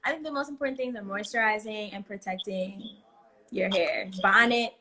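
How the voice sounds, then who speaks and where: A woman hosting a live stream chat, playful and quick to laugh. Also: medium pitch, sharp tone. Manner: laughs often, playful and chatty. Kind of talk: casual chat.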